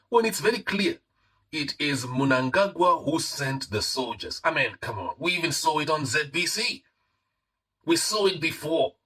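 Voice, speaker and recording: A man's voice: on the high side, bright, forceful tone, husky, low-quality recording. A man with a Zimbabwean accent giving heated live-stream political commentary, repeating his points and mixing in Shona phrases.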